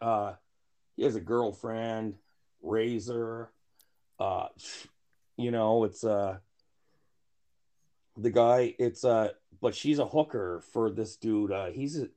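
A man talking at an unhurried, drawn-out pace in loose, casual podcast banter. He rambles and restarts, swears freely and makes fun of himself. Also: on the low side, mellow. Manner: rambling, profane, many restarts and fillers; self-mocking humor. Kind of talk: casual chat.

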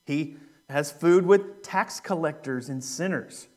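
High-voiced young man preaching casually. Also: slow. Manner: conversational, joking, with frequent fillers. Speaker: youth minister. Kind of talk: sermon with a humorous story.

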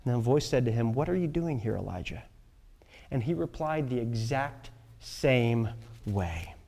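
A man preaching a sermon, swinging between loud emphatic lines and hushed, near-whispered passages. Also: medium pitch, lively intonation, unhurried, vocal fry, big-room sound. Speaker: pastor.

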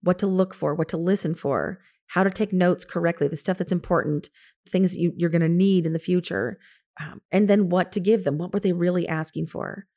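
Woman, fifties, lowish pitch, casual storytelling, animated, frequent laughter, coaching tone. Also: fairly quick. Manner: animated, laughs often, quotes herself in lively asides. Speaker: interior design business owner and coach.

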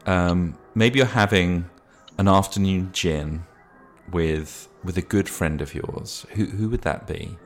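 A man running a tabletop role-playing game as game master, narrating scenes with relaxed hesitations. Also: low voice, slow pace, faint music behind. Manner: relaxed, hesitant, many fillers.

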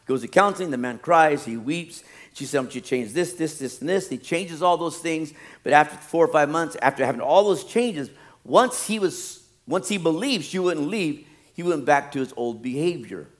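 A middle-aged man preaching a sermon as pastor, swinging from loud emphatic peaks to quiet low asides and jokes. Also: animated, normal speed.

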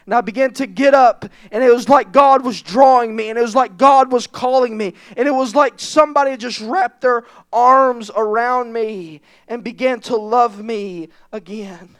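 A man preaching an impassioned sermon in a church, rising to shouts and tearful pleading. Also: very high voice, moderate pace, hardly any pauses, clear, resonant tone, no echo, studio quality. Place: church sanctuary.

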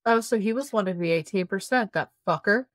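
A woman's voice: mid-range voice, a little fast, dry recording, studio quality. A woman co-hosting a casual podcast, reacting with short remarks and swearing. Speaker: podcast co-host.

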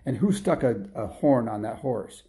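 A man's voice: medium pitch, lively intonation, normal speed, dark tone, lightly acted. A man voicing puzzled, skeptical parents in a children's story.

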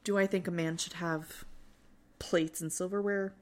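A woman co-hosting a podcast, casually recapping a reality show, animated and swearing freely as she acts out what people said. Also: on the low side, measured pace. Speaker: podcast co-host.

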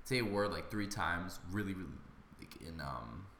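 A man hosts a casual podcast chat, running on through loose asides stuffed with "like". His voice is lowish but bright and forceful. The recording rings with the echo of a bare room. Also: expressive, moderate pace, slight background noise. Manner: chatty, talks in loose run-on asides full of "like". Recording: echoey room.

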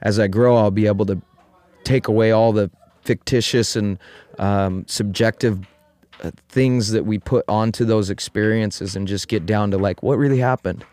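A podcast host telling a story in casual chat, rambling and full of fillers, with some casual swearing. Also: male voice, on the low side, steady tone, normal speed, darkish tone, no room sound. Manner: rambling, heavy on "like" and "you know", casual swearing.

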